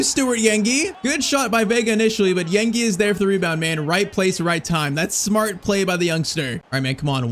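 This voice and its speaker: A young man giving excitable, frustrated running commentary over his own gameplay, peppered with "bro" and "man". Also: on the high side, slight background noise. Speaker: gaming YouTuber.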